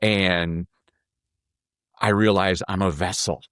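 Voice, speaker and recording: A man with a fairly low voice tells animated stories as a podcast guest. He gets excited, repeats his opening words and acts out quotes. The sound is dry and close to the mic. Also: slow, no echo. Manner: enthusiastic, repeats words when starting sentences, acts out quotes. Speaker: guest, speaker and professor.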